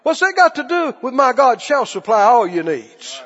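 A man's voice: extremely high pitch, very animated, normal speed, a bit bright. A man preaching a sermon, emphatic and repetitive, calling on the congregation to answer back. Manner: emphatic, repeats phrases, calls for congregation response. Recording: dull lo-fi with long hall reverb.

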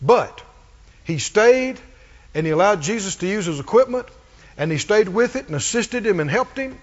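A man's voice: high voice, expressive, moderate pace. A man preaching a sermon, emphatic and repetitive, drawing call-and-response from his congregation. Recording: muffled recording in a reverberant hall.

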